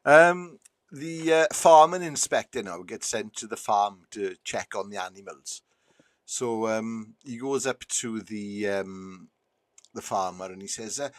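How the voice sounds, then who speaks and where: A man's voice: unhurried, dry recording, studio quality. A man, co-hosting a podcast and telling a long rambling joke. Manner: rambling storyteller, restarts, drops low for asides. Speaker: podcast co-host.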